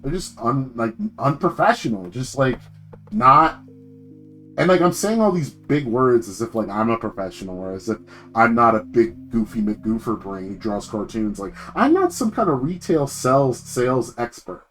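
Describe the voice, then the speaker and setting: A young man streaming, ranting casually about work, animated and swearing, jumping high in pitch when indignant. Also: moderate pace, faint music behind.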